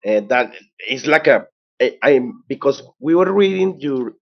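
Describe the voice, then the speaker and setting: A male co-host whose first language is Spanish, speaking halting English and searching for words. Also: medium pitch, expressive, creaky. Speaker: co-host interviewer. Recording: dull lo-fi sound.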